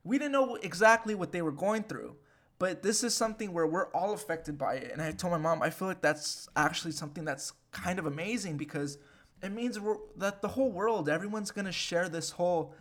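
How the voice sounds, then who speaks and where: Young man host, twenties, slightly high voice, casual profane rant, animated delivery. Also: fairly quick. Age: 20s. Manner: animated and profane, with frequent fillers. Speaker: podcast host. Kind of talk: casual ranting monologue.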